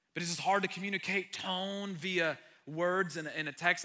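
A male pastor preaching a sermon in an earnest way, swinging between loud emphatic lines and hushed, nearly whispered ones. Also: fairly high pitch.

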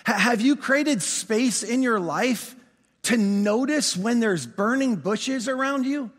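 Man, pastor, storytelling sermon, animated, high bright voice, reverberant hall. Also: slow. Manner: animated storyteller, acts out dialogue.

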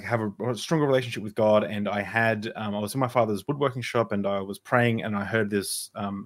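A man with a fairly low voice tells a personal story in casual podcast chat. He rambles, breaks off and restarts sentences often, and throws in self-deprecating asides. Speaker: podcast co-host.

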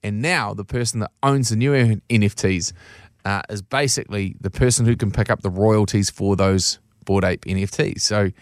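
A man's voice: on the low side, normal speed, dry recording, clean studio sound. A man co-hosting a podcast in casual chat, rambling and laughing as he explains. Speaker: podcast co-host.

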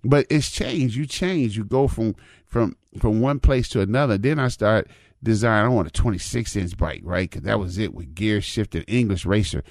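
Man, 50s, very low voice, dry close sound; easygoing folksy storyteller. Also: moderate pace, a little mellow, dry recording. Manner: folksy, repetitive, says "man" and "you know what I mean". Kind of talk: casual storytelling monologue.

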